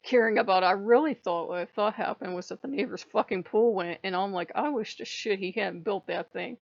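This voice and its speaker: A woman's voice: medium pitch, a little fast, vocal fry, no room sound, highs cut off. A woman telling a casual story in a blunt, chatty way, swearing freely and laughing often. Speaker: vlogger.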